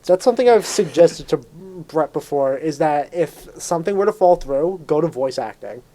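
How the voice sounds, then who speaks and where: A man's voice: a little high, expressive, moderate pace, warm tone. A teenage boy co-hosting a school podcast who steers the conversation with emphatic remarks. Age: teens. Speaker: podcast co-host. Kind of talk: casual chat.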